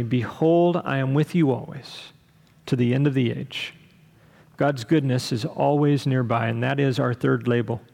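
A man's voice: mid-range voice, gravelly, long reverb tail. A man from Texas preaching a sermon as pastor, talking conversationally with asides and questions to the congregation.

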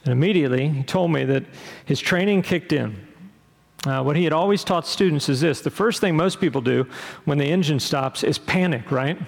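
A middle-aged man preaching a sermon as pastor, earnest and unhurried, often pausing with fillers and restarting his sentences. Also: on the high side, vocal fry, big-room sound.

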